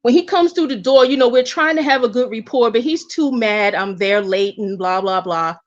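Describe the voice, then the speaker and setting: A woman with a slightly high voice tells a personal story with candid energy, often stumbling and restarting mid-sentence. The audio is somewhat dull and lo-fi. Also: moderate pace. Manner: candid, animated, with frequent restarts. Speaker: guest. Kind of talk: casual storytelling.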